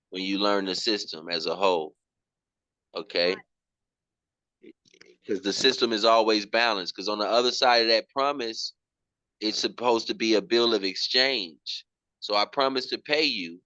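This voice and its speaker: A man's voice: on the low side, measured pace, pauses often, sharp tone, dry recording, muffled recording. A man teaching finances in casual slang, often repeating himself and calling his listener "bro". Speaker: program instructor.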